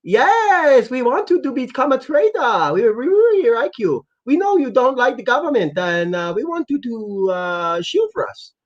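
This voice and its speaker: A man's voice: very high-pitched, big pitch swings, normal speed, few pauses, voice pushed up. A man putting on a mocking impression of a male foreign leader making a fake, overly polite recruiting phone call.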